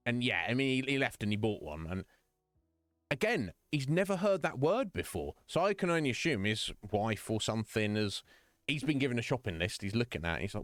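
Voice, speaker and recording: Animated British man telling stories. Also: medium pitch, fairly quick, dry recording, soft background music. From Britain. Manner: rambling storytelling with quoted voices and laughs. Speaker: streamer. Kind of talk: casual chat.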